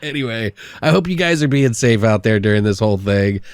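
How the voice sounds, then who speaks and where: Loud swearing male podcast host. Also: lowish voice, animated, brisk, smooth, no echo, studio quality. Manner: loud, joking, swears constantly. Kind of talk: casual profane chat. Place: home, Arizona.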